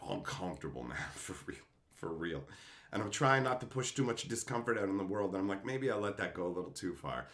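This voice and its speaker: A man's voice: fairly low pitch, roomy sound. Man in a profane, heated rant. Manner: profane, heated, swings from shouting to muttering. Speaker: channel host. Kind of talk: angry rant to camera.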